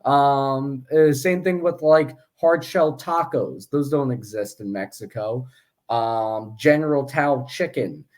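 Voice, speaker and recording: Man, podcast co-host, chatty, joking, fillers and restarts, mid pitch. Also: slow, a little mellow. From Philadelphia area. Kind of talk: casual sports chat.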